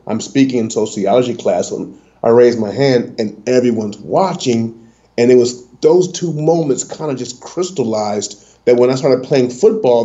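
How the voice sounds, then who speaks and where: Mellow middle-aged man with a stutter. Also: medium pitch. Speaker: guest, motivational speaker. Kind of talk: storytelling interview answer. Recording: dull lo-fi audio.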